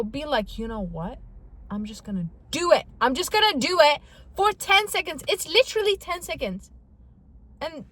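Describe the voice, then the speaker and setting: A young woman vlogging to camera in casual talk, chatty and dramatic, with self-mocking asides. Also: fairly high pitch.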